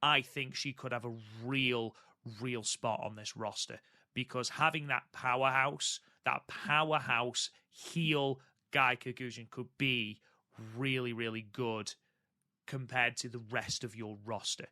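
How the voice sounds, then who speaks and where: A man's voice: mid-range voice, fairly even intonation, measured pace, sharp tone, no room sound, studio quality. A man co-hosting a podcast in casual chat, enthusiastic and prone to repeating words for emphasis. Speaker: podcast co-host.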